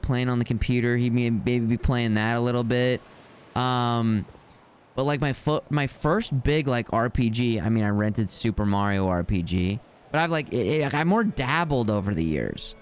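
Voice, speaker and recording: Guy chatting on a stream, kinda rambly and hedgy, little cough left over, quiet music behind. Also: medium pitch. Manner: rambling, hedging with fillers. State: slight leftover cough. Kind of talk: casual chat.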